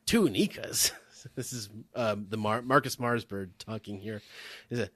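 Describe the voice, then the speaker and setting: A man on a podcast walks through a comic chapter in an easygoing way, his voice sitting fairly low. He leans on fillers and pauses as he talks. The sound is dry and close, with no room around it. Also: no echo. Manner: relaxed, laid-back summarizing with many fillers. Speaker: podcast host. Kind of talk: casual chat recapping a comic chapter.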